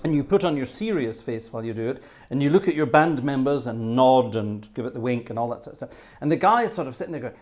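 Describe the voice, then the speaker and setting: A man's voice: medium pitch, expressive, quick pace, a little mellow. An older man hosting an organ livestream, chatting casually between pieces in a rambling, self-deprecating way, chuckling and restarting as he tells a playful story. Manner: playful storyteller, puts on little voices.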